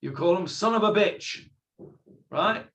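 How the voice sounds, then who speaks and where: Man, Bible class teacher, unhurried, somewhat high-pitched, questions the class. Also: lively intonation, fairly bright tone. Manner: explains slowly, quotes figures in character, asks students questions. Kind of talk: text study class.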